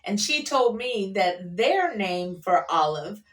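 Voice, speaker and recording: A woman's voice: mid-range voice, sing-song, slow, recorded from a distance. A woman vlogger telling a rambling casual story, with fillers along the way. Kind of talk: casual chat.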